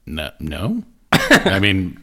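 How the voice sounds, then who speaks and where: A man's voice: sits low, wildly swooping pitch, extremely slow, bright, forceful tone, husky. A man co-hosting a casual chat, laughing often and joking crudely. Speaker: podcast co-host.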